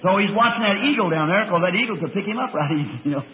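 Preacher man, high voice, rustic drawl, old tinny tape. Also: quick pace, a little hiss or hum. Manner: rustic drawl, excited bursts of praise. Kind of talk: folksy storytelling sermon.

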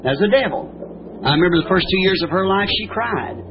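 A man's voice: high-pitched, expressive, a little fast, crowd noise. A man preaching a sermon in a folksy, rambling way. He slips into plain homespun grammar and keeps asking "see?". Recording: muffled old sermon tape with loud hiss.

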